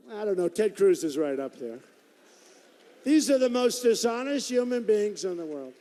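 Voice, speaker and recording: A man's voice: sits high, warm tone. Emphatic man speaking at a big rally. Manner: emphatic, repetitive, off-the-cuff. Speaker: political candidate. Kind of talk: campaign rally speech. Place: large indoor rally venue. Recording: long echo of a large hall.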